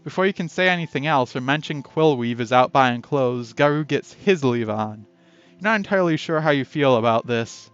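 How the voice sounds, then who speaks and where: A man reads a text game aloud in a relaxed playthrough, stopping now and then to chat and comment. His voice sits at an average pitch. The sound is dull and lo-fi, with faint background music. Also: normal speed, clean tone. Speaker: game player and narrator.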